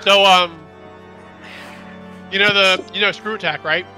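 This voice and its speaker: Man in his 20s, sharp bright voice, dry jokes, loose gamer banter. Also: sits high, fairly even intonation, measured pace, faint music behind. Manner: wry, joking, rambling with fillers. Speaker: gamer streaming with a friend. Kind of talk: casual gaming chat.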